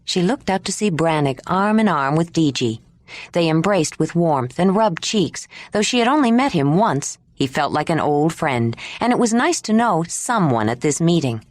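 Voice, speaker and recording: A woman reads an audiobook aloud with a low, animated voice. The sound is dry and close. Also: normal speed, no echo. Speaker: audiobook narrator. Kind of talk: scripted narration.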